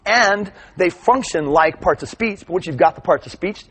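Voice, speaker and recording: A middle-aged man giving a live teaching talk, lively and chatty, often checking in with "right?". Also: high-pitched, normal speed, a little hiss or hum. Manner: animated storytelling, asks "right?" often. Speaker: workshop presenter.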